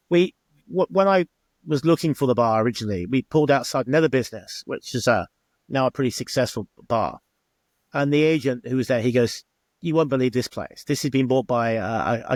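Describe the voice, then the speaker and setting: In a dry recording, a middle-aged English former bar owner tells chatty interview stories, performing the quoted exchanges. His voice is mid-range.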